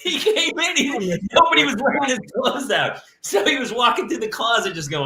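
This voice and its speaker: A man's voice: extremely high pitch, normal speed, roomy sound. A middle-aged man hosting a podcast, telling stories animatedly and slipping into voices as he retells them. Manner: animated storyteller, does voices while retelling. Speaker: podcast host. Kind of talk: casual chat.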